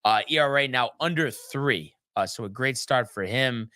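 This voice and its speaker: A man's voice: medium pitch, moderate pace, sharp tone, no echo. A man hosting a sports talk show, recapping games in a loose, chatty way with many ums and restarts. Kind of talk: casual sports recap chat.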